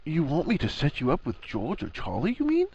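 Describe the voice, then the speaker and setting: A man's voice: a little high, huge pitch swings, fairly quick, creaky, darkish tone, husky, dry recording, highs cut off, voice pushed up, exaggerated voice. A man doing a flustered, eager young wizard. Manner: stammering, eager.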